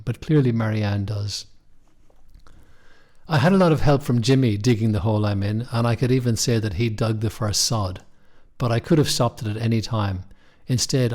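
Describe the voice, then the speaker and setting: A young man narrating a first-person story in a measured, wry way. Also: on the low side, a little mellow. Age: young adult. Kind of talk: scripted audiobook narration.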